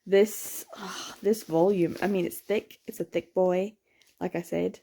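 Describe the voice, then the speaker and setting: A young woman chatting excitedly in a late-night reading vlog, sleepy with her words slurring, gasping and laughing as she gushes about a book. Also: fairly low pitch, measured pace, vocal fry. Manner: gushing and excitable, frequent laughs and gasps. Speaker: book vlogger.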